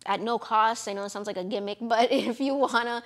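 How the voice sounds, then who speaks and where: A woman's voice: fairly high pitch, fairly even intonation, a little fast. Young woman, from Florida, casual vlog, chatty, encouraging, filler words. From Florida, USA. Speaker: lash business owner and vlogger. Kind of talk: casual talk to camera.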